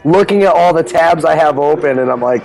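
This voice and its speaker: A man co-hosting an uncensored radio show, chatting in an animated, profane, self-mocking way. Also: a little high, fairly quick, creaky, low-quality recording. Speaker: radio co-host. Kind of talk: uncensored casual radio chat.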